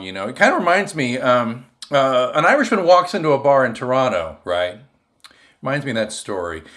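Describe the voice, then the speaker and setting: A man's voice: fairly high pitch, a bit bright. A man hosting a casual home cocktail show, chatting and joking as he mixes drinks at his bar. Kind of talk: casual chat while mixing drinks.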